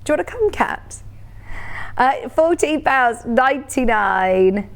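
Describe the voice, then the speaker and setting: A woman's voice: high-pitched, expressive, slow pace. Bubbly, chatty woman selling fabric on TV. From United Kingdom. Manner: chatty and bubbly, laughs often. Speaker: shopping channel presenter. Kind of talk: live TV sales pitch.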